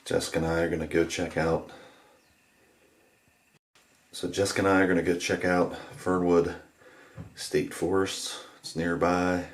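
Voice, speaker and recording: A man's voice: sits low, level tone, a little slow, long pauses, no room sound. A man casually narrating a walking vlog outdoors, rambling loosely with plenty of fillers. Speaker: vlogger. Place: outdoors on a forest trail and road. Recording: outdoor noise behind the voice.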